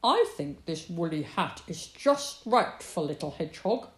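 A woman voicing a grumpy male badger in a storybook, gruff and blunt but kind. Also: fairly low pitch, very animated, a little slow. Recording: roomy echo.

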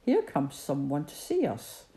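A woman voicing a gruff, blunt fat teddy bear in a storybook reading, low and brusque. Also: huge pitch swings, a little slow, dark tone, exaggerated voice. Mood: brisk.

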